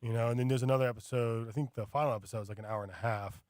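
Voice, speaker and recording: A man chatting casually on a radio show, telling a rambling, animated story with many fillers. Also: medium pitch, rapid-fire, no echo, clean studio sound. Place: radio studio.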